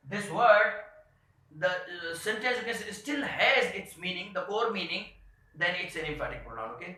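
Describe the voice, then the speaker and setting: A man teaching an English grammar lesson, speaking haltingly with many "uh" and "you can say" fillers. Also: high voice, pushed and bright. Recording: very echoey room.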